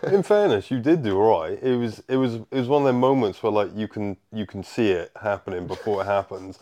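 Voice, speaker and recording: A man's voice: lowish voice, animated, a little fast, mellow. A man chatting as a guest on a casual podcast, easygoing and swearing now and then.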